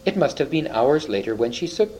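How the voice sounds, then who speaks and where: A man reading a storybook aloud with expressive narration, slowing down for vivid moments. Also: on the high side, slight background noise, poor audio. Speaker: storybook reader.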